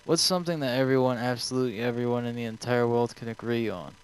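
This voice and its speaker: A man's voice: mid-range voice, fairly even intonation, quick pace, clear, resonant tone, poor audio. A young man streaming, answering viewer questions in a rambling, offhand way full of swearing. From United States.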